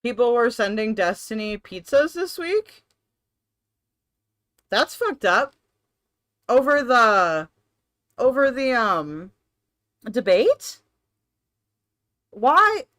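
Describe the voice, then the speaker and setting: A woman's voice: on the high side, sing-song, extremely slow, long pauses, a bit bright. A woman streamer reacting on a live stream, blunt, profane and sarcastic.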